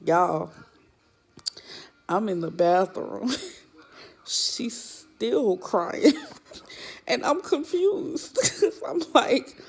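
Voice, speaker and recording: Slow, gravelly middle-aged woman vlogger. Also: on the high side, very animated. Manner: laughs often while telling an exasperated story. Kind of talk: casual storytelling to viewers.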